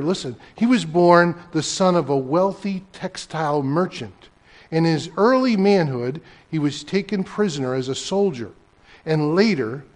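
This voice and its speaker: An older man preaching a sermon as pastor, telling a story and swinging between loud emphasis and hushed, almost whispered lines. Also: fairly high pitch.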